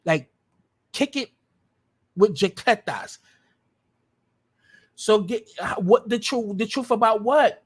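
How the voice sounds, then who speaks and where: A man hosting a livestream delivers heated, combative commentary, cursing and repeating himself for emphasis. His voice is high and slightly rough, and he speaks slowly with frequent pauses.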